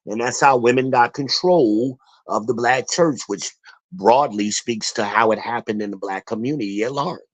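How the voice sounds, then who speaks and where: A channel host with a mid-range voice and moderate pace runs a casual stream. He rants bluntly, cursing a lot and wandering into rambling asides.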